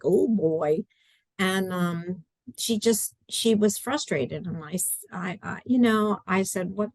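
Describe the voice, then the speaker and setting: Speaking from her study at home, this middle-aged adaptive curriculum writer is a guest on a video-call interview. Her voice sits on the low side with no echo, and her manner is casual, earnest and talkative as she performs her own quotes.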